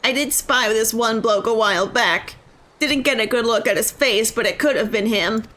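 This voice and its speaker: A woman's voice: on the high side, moderate pace, sharp tone. A woman voicing an adult male scout in a video game, with a put-on British accent that keeps sliding toward Australian. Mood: recalling.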